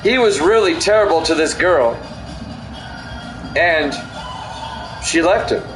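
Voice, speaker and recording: A man's voice: fairly high pitch, lively intonation, slow, music in the background. A middle-aged man calling plays of a football game while telling a rambling story to his chat, laughing often. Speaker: streamer doing game commentary. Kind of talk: play-by-play commentary mixed with chatty storytelling. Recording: echoey room with background noise.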